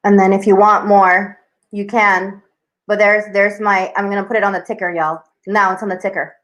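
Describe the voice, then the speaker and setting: A woman's voice: medium pitch, level tone, normal speed, fairly bright tone, poor audio. A young woman hosting a live tarot stream, chatting casually with viewers in a bubbly, scattered way and saying "y'all" a lot.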